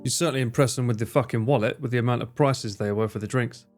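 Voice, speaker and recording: A man chatting casually on his livestream, rambling, joking and swearing freely with quick asides. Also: medium pitch, a little mellow, soft background music. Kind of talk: casual chat reading stream chat.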